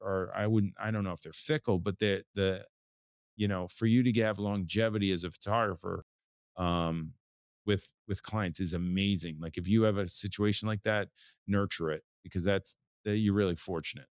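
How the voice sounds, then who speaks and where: A man in his forties from the United States, speaking as an interview guest in a low voice. He talks in a loose, rambling way, circling back and restarting his sentences. The sound is dry and close to the mic. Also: steady tone, moderate pace, no echo. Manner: rambling, with many restarts and fillers. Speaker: photographer, guest. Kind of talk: casual interview talk.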